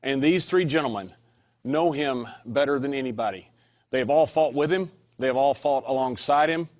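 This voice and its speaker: A man introducing guests in a polished, measured presenter style. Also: mid-range voice, darkish tone. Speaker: panel show host. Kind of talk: formal announcer introduction.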